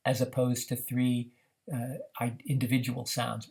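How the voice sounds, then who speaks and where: A man teaching how to run a reading activity, explaining in a measured way with frequent "uh" fillers. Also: medium pitch, completely flat delivery, creaky, a little mellow. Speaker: reading program instructor. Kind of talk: instructional demonstration.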